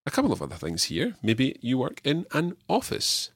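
A man teaching a podcast language lesson, drilling his learner with clear repeated phrases. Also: medium pitch, wildly swooping pitch, normal speed, no echo, clean studio sound.

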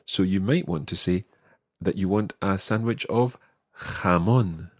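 A man with a low, slightly husky voice teaches an audio language lesson. He explains patiently and slows right down to model each word, recorded close and dry. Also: no echo. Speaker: language teacher, podcast host.

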